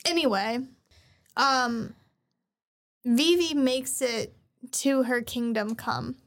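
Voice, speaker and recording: A woman's voice: a little high, takes it slowly. A young woman co-hosting a casual podcast, retelling an anime with lots of swearing and acted-out lines. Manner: profane, animated storyteller who acts out characters. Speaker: podcast co-host. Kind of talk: casual anime recap chat.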